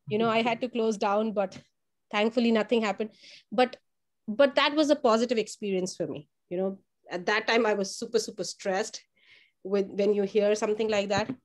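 Speaking at a moderate pace in a voice on the high side, this woman runs a home child care program and tells animated stories about the children. She raises her voice to act out what they said, and she often repeats words as she gathers her thoughts, giving the testimonial a chatty feel.

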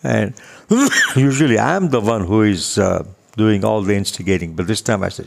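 An older man telling a personal story casually, unhurried and chuckling, acting out the dialogue. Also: on the low side, expressive, creaky.

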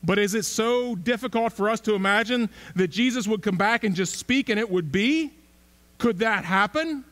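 In a church sanctuary, a male pastor gives a conversational sermon, posing rhetorical questions and repeating himself for emphasis. His voice is high-pitched and fairly bright, at a moderate pace.

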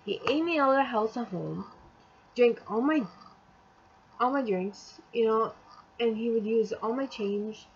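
A woman's voice: fairly high pitch, measured pace, long pauses, highs cut off, slight background noise. A young adult woman telling a storytime vlog in casual chat, rambling and exasperated, acting out the quotes as she goes. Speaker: vlogger.

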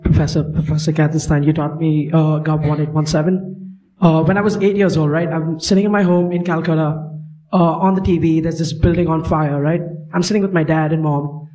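A man's voice: a little high, little pitch movement, brisk, dark tone, low-quality recording. A young man from India, a student in the audience, asking an emotional, impassioned question through a personal story. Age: young adult.

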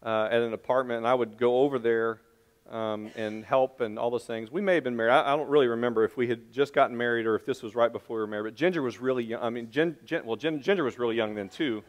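A man's voice: mid-range voice, quick pace. A middle-aged man preaching a sermon, telling a rambling, self-deprecating family story with many restarts. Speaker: pastor.

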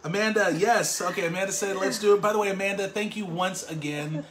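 A young man co-hosting a casual livestream chat, animated and laughing through his talk. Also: sits high, a little fast. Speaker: co-host. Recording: loud background noise.

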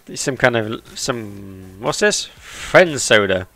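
A man's voice: fairly low pitch, animated, slow pace, fairly bright tone, faint music behind. A man giving chatty, jokey let's-play commentary and talking to the characters on screen. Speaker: gaming YouTuber.

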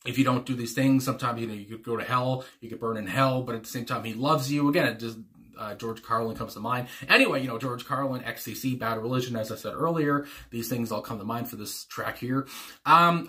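A man's voice: mid-range voice, brisk, bright, forceful tone. A man talking casually through his reaction to a song, rambling with lots of fillers and frequent chuckles. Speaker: music reaction host.

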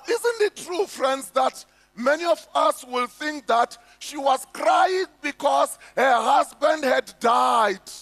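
South African pastor, emphatic sermon, unhurried delivery, echoey hall. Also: male voice, very high voice, a bit bright. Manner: emphatic preaching, rhetorical questions to the congregation. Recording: echoey hall with faint music.

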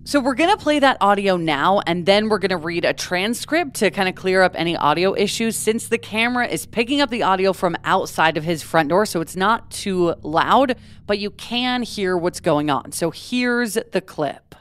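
A woman's voice: medium pitch, lively intonation, moderate pace. A woman co-hosting a true crime podcast, reading from a script and breaking into casual asides. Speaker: podcast co-host.

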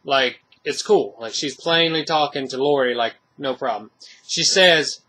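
A man's voice: medium pitch, measured pace, sharp tone. A man giving a casual, rambling spoken movie review, full of fillers and restarts.

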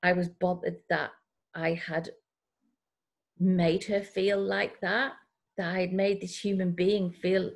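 A woman's voice: fairly low pitch, little pitch movement, slow pace, creaky, long pauses. A woman telling a rambling personal story in a casual group video call. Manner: rambling storyteller who acts out quoted voices. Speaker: group member sharing a story. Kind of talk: casual chat.

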